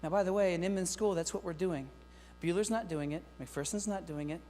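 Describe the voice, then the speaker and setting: A middle-aged man giving a lively, joking keynote talk to teachers, speaking straight to the audience. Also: high voice, brisk, faint music behind. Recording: long hall reverb with faint mains hum.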